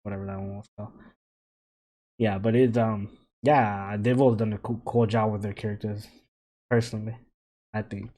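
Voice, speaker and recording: A man's voice: on the low side, level tone, moderate pace, pauses often, dark tone. A young man co-hosting a gaming podcast in casual chat, laid-back, swearing and laughing often. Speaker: podcast co-host.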